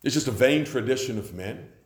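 A man preaching a sermon, impassioned, swinging from loud declarations to hushed lines. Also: mid-range voice, animated, a little fast. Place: church sanctuary. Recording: echoey church hall.

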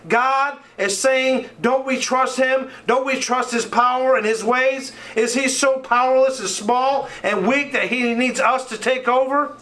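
High, bright-voiced fervent male preacher. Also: fairly even intonation, a little slow, hardly any pauses, recorded from a distance, poor audio. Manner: fervent, rhetorical questions, reads scripture aloud. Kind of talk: sermon.

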